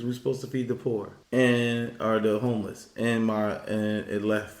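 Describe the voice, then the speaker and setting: A man's voice: mid-range voice, fairly even intonation, moderate pace, gravelly, few pauses, echoey room. A man co-hosting a faith-based podcast, talking in an emphatic, preachy way. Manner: preachy, emphatic, acts out quoted voices. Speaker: podcast co-host. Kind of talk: casual faith-based chat.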